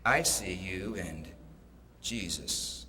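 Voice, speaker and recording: A man voicing a talking parrot that watches from a dark corner, speaking slowly in a low hush, heard over a PA in an echoey hall. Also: a little hiss or hum, exaggerated voice. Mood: eerie. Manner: slow, low and hushed, then loud and sharp.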